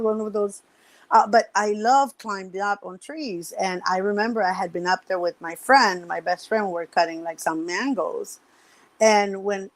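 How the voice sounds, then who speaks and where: A middle-aged woman chatting as a podcast guest, telling stories with acted-out quotes and frequent laughter. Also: mid-range voice. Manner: lively storyteller, acts out quotes, laughs often. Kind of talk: casual podcast chat.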